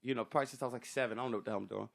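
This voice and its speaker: Fast-talking animated comedian man. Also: medium pitch, creaky. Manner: animated storytelling, swearing freely. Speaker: stand-up comedian guest. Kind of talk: casual podcast chat.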